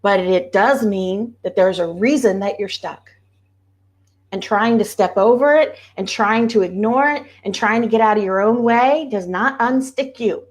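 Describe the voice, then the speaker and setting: A woman's voice: mid-range voice, measured pace. A woman spiritual coach talking casually to her viewers, earnest and repeating key phrases for emphasis. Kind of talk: casual livestream talk.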